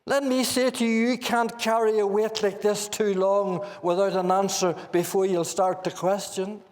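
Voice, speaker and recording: Earnest Northern Irish preacher in a hall. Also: male voice, high voice, flat delivery, normal speed, a little mellow. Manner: earnest preaching, rhetorical questions to the congregation. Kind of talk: sermon. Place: church meeting hall.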